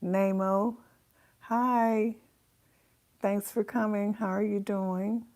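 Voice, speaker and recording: A woman's voice: medium pitch, steady tone, drawn-out words, darkish tone. A woman hosting a casual livestream, chatting with her viewers and greeting them by name, her voice a little congested. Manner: chatty, talks to chat viewers. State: congested sinuses. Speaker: livestream host.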